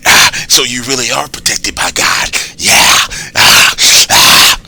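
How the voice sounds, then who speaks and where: Guy doing a creepy hesitant caller, lots of ums, bright thin voice. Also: mid-range voice, animated, vocal fry, a little hiss or hum, exaggerated voice. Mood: sinister. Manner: halting, full of ums, drawn out. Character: strange hesitant male phone caller, eerie.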